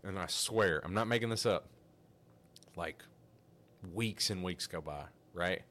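A man hosting a podcast, telling a story in a casual, animated, rambling way with frequent restarts. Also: deep voice, measured pace. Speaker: podcast host.

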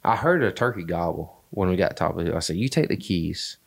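A man's voice: sits low, expressive, quick pace, creaky. A man hosting a podcast, telling a hunting story in a rambling, casual way with many fillers. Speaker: podcast host. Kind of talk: casual chat.

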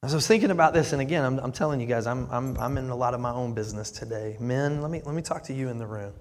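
A man's voice: mid-range voice, fast talker. A male pastor preaching a sermon in earnest, often repeating his words as he builds up. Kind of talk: sermon with live demonstration. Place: church sanctuary. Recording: long reverb of a church hall.

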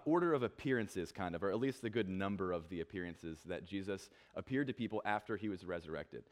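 A man preaching a sermon in a relaxed, conversational way, with many fillers, and acting out the people he quotes in a lower, offhand voice. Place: church.

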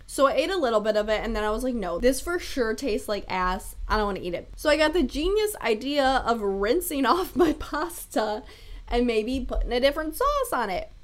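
Young woman, podcast host, casual solo chat, slightly high voice, laughs a lot, swears casually. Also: moderate pace. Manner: chatty and animated, laughs often, swears freely.

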